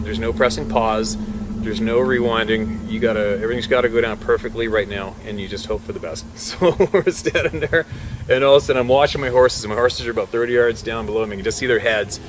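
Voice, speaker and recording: A man, a hunting guide, telling a tale vividly, with quick laughs between phrases and swings from hushed to loud. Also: mid-range voice. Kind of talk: animated storytelling. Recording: noisy background hum.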